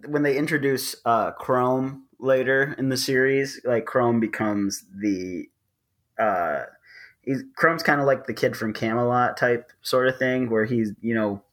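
A man in the middle of an ordinary pitch range chats casually on a podcast. He rambles, restarts his sentences and fills gaps with "uh" and little laughs. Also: measured pace, fairly bright tone. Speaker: podcast co-host. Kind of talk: casual chat about manga.

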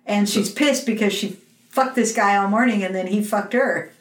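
Animated woman retelling a film scene. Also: medium pitch, normal speed, roomy sound, recorded from a distance. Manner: animated storyteller, mimics characters. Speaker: podcast co-host. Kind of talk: casual film discussion.

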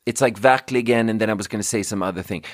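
A man's voice: fairly low pitch, fast, no echo. Guy rambling on his podcast, cusses a lot, cracks himself up, dry close mic sound. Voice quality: swears a lot, laughs at own jokes. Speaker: podcast host. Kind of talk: casual rambling monologue. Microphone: close studio mic.

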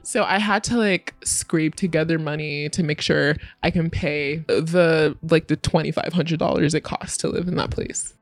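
A woman's voice: low voice, fairly even intonation, moderate pace, few pauses, no room sound, clean studio sound, soft background music. A young woman frankly telling her own story in casual, candid speech, full of fillers and swearing.

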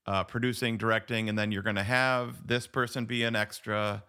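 Male podcast co-host, bright voice, casual rambling chat with many restarts. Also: on the low side, flat delivery, normal speed, smooth. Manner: rambling, lots of "like" and restarts, laughs often. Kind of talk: casual chat about a film.

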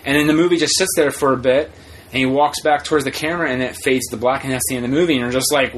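A man's voice: mid-range voice, very fast, a little hiss or hum, low-quality recording. Rambling man chatting on a podcast. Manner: rambling, animated, acts out quotes in put-on voices. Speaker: podcast co-host. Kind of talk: casual chat.

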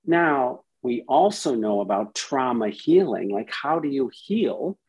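A man's voice: mid-range voice, lively intonation, measured pace, a little mellow, slightly rough, lo-fi sound. A man, a psychiatrist guest on a podcast, explaining with animation and acting out inner voices as quotes.

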